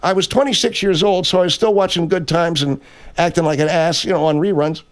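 A man's voice: a little high, steady tone, a little fast, natural voice. A man playing a blustery grocery-chain boss. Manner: blustery, rambling, self-correcting. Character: brash older male grocery chain owner hosting a radio show. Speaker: radio host character. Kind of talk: improvised comedy radio bit.

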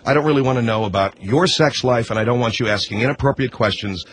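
A man's voice: medium pitch, quick pace. A man hosting a talk radio show, hesitant and apologetic, stumbling over restarts and fillers.

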